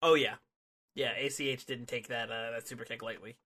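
A man's voice: mid-range voice, fairly even intonation, fairly quick, pushed and bright. A man in casual chat reviewing a wrestling match, laughing along and adding short agreeing replies. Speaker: podcast co-host.

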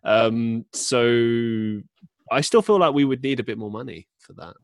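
A man's voice: mid-range voice, animated, measured pace, no room sound, studio quality. Playful guy haggling over a price. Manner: playful, haggling, laughs often. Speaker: guest. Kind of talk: casual podcast chat.

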